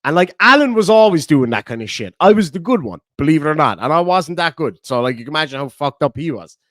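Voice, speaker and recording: An Irish man chats on a live stream and reads donation messages aloud, cursing freely and laughing between lines. His voice sits high and swoops up and down with lots of life. The sound is dry and close, with no room echo. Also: very animated, quick pace, a bit bright. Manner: swearing, bantering, laughing often. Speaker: livestreamer reading donations. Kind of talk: casual livestream chat.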